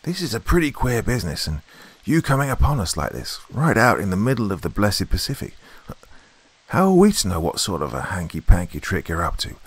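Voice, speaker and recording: A man playing a gruff, blunt old-time sailor. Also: on the low side, exaggerated voice. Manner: gruff, probing, commanding.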